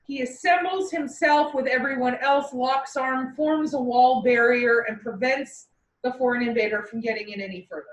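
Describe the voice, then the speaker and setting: A woman teaching a class in a playful way, with vivid comparisons and quick mock voices, recorded from across the room. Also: high voice, distant mic. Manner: playful, uses military metaphors and mock voices. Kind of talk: classroom lecture. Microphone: far from the mic. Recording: echoey classroom recorded from afar.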